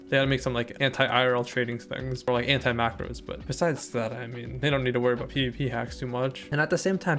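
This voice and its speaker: Fast-talking young man with a gravelly voice. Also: mid-range voice. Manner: rambling, filler-heavy, excitable during fights. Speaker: gaming YouTuber. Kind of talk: casual gameplay commentary. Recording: background music under voice.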